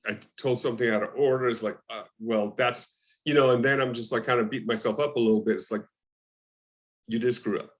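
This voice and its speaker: Man telling animated stories. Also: medium pitch, a little fast. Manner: animated anecdotes, acting out other people's lines. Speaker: actor guest. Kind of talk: casual interview storytelling.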